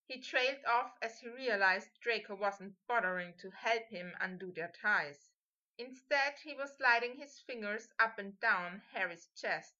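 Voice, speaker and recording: Bright-voiced woman narrating a story. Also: mid-range voice, muffled recording. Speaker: audiobook reader. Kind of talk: fan fiction narration.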